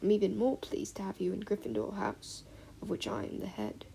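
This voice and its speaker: A woman's voice: medium pitch, big pitch swings, a little fast, vocal fry, mellow, slight background noise. A woman voicing a stern older female teacher with a reedy Scottish accent, precise and formal. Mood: formal, measured.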